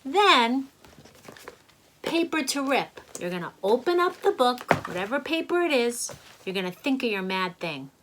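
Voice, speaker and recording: A middle-aged woman, a child therapist, gently and encouragingly walking children through calming exercises. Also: a little high, unhurried, background noise. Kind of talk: instructional talk to children.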